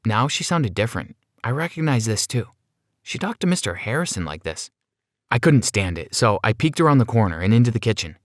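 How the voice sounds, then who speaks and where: A man's voice: on the low side, very animated, a little fast, no room sound, clean studio sound. A man narrating a first-person story in a plain, conversational way, as a scripted voice-over.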